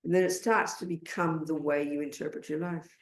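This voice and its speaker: A woman with an Australian accent giving a Buddhist dharma talk in an animated, blunt and emphatic way. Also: low voice, fairly quick, reverberant. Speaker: Buddhist teacher.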